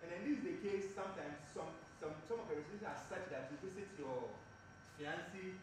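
A man's voice: sits high, fairly quick. A man in the audience asking a question hesitantly, with many fillers and restarts. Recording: echoey hall audio from far off, noisy.

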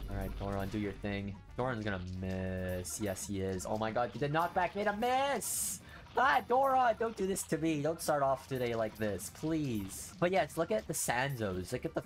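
Young man ranting over a mobile game. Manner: frustrated ranting, swings from low muttering to loud outbursts. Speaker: gaming streamer. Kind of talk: casual gameplay commentary.

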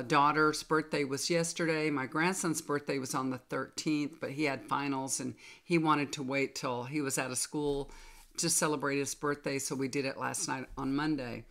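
A hoarse older woman with a drawl talks casually to her followers. She rambles in a folksy way, full of fillers and restarts. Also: extremely low pitch, fairly bright tone. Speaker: tarot reader. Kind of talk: casual chat to viewers.

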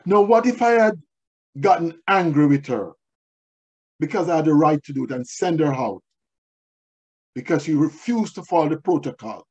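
A man's voice: on the high side, expressive, normal speed, long pauses, a little mellow, husky, dull audio. A male pastor delivering a sermon, moving from storytelling to emphatic preaching.

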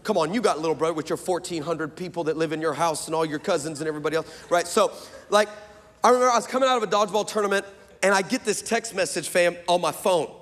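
A male pastor with a high voice delivers a lively, comic sermon full of stories, with big reverb filling the hall. He's animated and fast, bursting into excited shouts.

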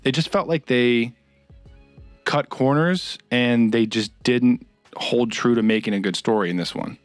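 A man's voice: medium pitch, a little slow, no echo, soft background music. A young man co-hosting a casual podcast, ranting and swearing in frustration. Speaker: podcast co-host.

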